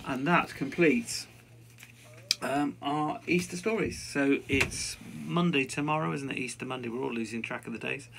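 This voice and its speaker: A man's voice: mid-range voice, moderate pace, creaky. A man reading a picture book aloud, chatty and self-mocking, with casual asides. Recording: distant mic with faint background noise.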